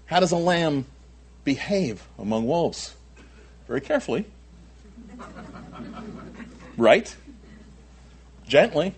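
A male pastor delivers a sermon with a husky edge to his voice. His pitch rises and falls in a lively way as he presses his points. He often doubles back on his words and drops in quick asides. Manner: emphatic preaching, with frequent repeats and asides.

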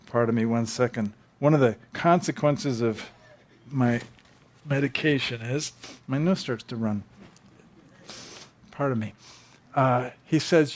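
A man's voice: medium pitch, measured pace, long pauses. A man preaching a sermon, telling stories conversationally and acting out quotes with animation. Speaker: pastor. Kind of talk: sermon with storytelling.

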